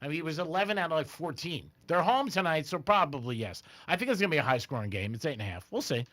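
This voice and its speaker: A man's voice: fairly high pitch, lively intonation, quick pace, a bit bright, dry recording. A man hosting a sports radio show in casual, joking banter, laughing often on a studio microphone. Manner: joking, laughs often, talks about betting. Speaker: radio sports talk host.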